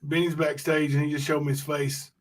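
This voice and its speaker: Livestream host, man, slightly high voice, skeptical interjector. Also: flat delivery, brisk. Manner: interjects, skeptical, corrects details. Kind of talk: casual livestream chat.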